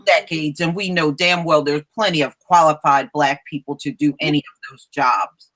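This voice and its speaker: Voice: medium pitch, fairly even intonation, normal speed, fairly bright tone, poor audio. A chatty host of a casual online discussion who laughs easily and passes the turn to the guests.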